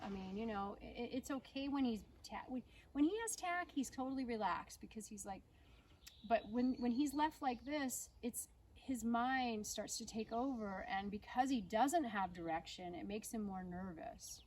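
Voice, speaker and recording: A woman horse trainer teaching riding outdoors, coaxing her horse with soft baby talk and explaining to viewers. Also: fairly high pitch, moderate pace, a little hiss or hum. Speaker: holistic veterinarian and horse trainer. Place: outdoors at a rural horse farm. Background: birds and outdoor ambience.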